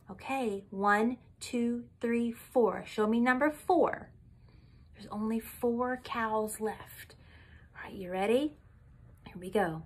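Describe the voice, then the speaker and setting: A young woman leading a sing-along music lesson for toddlers, animated and coaxing in an exaggerated way. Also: a little high, slow. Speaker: children's music teacher.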